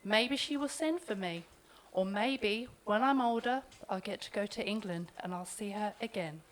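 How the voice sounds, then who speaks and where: A woman reading her own poem aloud at a live event, plain and gentle. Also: medium pitch, normal speed, poor audio. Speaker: poet.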